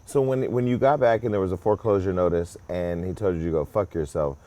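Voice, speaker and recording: A woman's voice: very deep voice, fairly even intonation, fast talker, dark tone. A woman interviewing a guest, probing with short follow-up questions.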